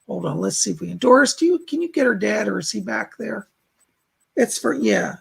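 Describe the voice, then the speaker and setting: A man's voice: high voice, expressive, brisk, creaky, husky. A man hosting a live stream, giving chatty psychic readings and relaying spirit messages with plenty of fillers. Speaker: psychic reader and host.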